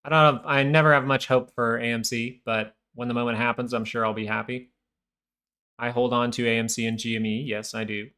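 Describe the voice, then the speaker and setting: A man talks through charts on a live market stream in a loose, rambling way, often restarting his sentences. His pitch sits at an ordinary middle level for a man. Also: level tone, brisk, sharp tone, smooth. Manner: casual, rambling, many restarts. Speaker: stock market livestream host.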